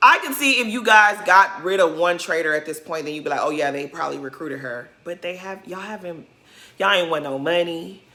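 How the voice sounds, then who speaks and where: Blunt, sassy woman vlogger, bright voice. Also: fairly low pitch, a little fast. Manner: blunt, sassy, talks straight to the cast. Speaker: reality TV reaction vlogger. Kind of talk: casual reaction commentary.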